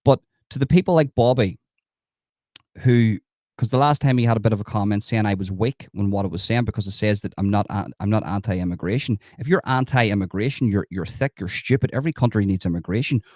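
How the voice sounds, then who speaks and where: Speaking briskly in a fairly low, darkish voice, an Irish livestream host addresses his viewers emphatically, reads the chat aloud, and repeats a lot. The recording is dry and studio quality.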